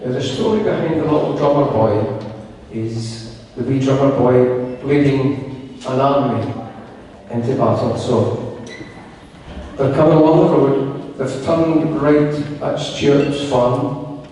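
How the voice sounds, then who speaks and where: A Scottish man introducing his youth band's piece to a concert audience, telling a relaxed local story. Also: medium pitch, takes it slowly. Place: large concert hall with audience. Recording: echoey hall from far off, faint hiss.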